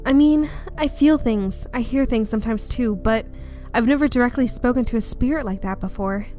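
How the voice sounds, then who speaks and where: A woman's voice: a little high, moderate pace, mellow, faint music behind, lightly acted. A woman voicing a young female medium, shaken but stubborn, reading her lines plainly in her own voice. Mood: earnest.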